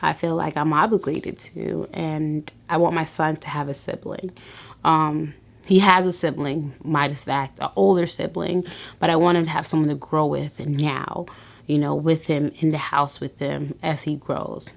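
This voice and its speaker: Gravelly-voiced woman vlogging with earnest faith. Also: sits low, little pitch movement, normal speed. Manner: earnest, faith-filled encouragement with frequent restarts. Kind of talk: personal vlog talk.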